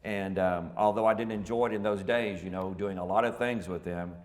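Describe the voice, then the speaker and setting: A man's voice: low voice, steady tone, fairly quick. A man, giving a folksy, rambling family history lecture full of fillers and self-corrections. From Texas. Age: 50s. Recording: reverberant hall.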